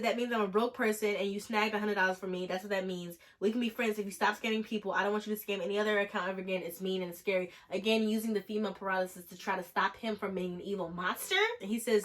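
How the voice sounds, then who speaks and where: A woman's voice: medium pitch, fast talker, hardly any pauses, faint music behind. A young woman vlogger telling a story in a chatty, sarcastic way, often mimicking the people she quotes. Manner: animated, sarcastic, jumps into mocking quoted voices. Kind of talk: storytime vlog.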